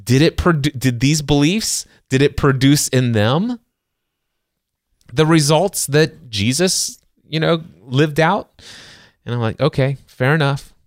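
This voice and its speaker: A man's voice: fairly high pitch, expressive, slow pace, no room sound. Earnest middle-aged man, dry close sound. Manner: earnest, conversational, frequent restarts and rhetorical questions. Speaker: podcast co-host reviewing a self-help book. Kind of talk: casual faith-based self-help discussion.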